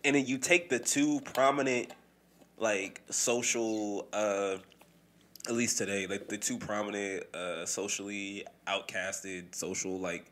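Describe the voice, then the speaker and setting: A man's voice: fairly low pitch, takes it slowly. A man co-hosting a podcast in casual, profane chat. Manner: animated, profane, mimics voices when quoting people. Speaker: podcast co-host.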